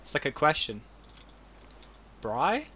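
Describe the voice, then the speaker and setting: A man's voice: medium pitch, brisk, sharp tone, slight background noise. A man with an Australian accent, streaming a game and trading cheeky, teasing banter. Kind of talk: casual gaming chat.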